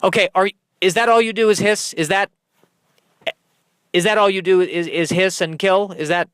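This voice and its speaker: A man's voice: high-pitched, fairly even intonation, moderate pace, fairly bright tone, smooth, no echo. A man playing a flustered, fretful starship captain in a comedy audio sketch, stammering and apologizing as he dithers. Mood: pleading.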